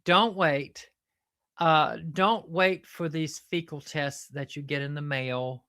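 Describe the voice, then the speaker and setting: A woman's voice: low voice, unhurried, fairly bright tone, clear, resonant tone. A woman with a Southern US accent, hosting a chatty, earnest, self-mocking update. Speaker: host. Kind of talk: casual comedic update.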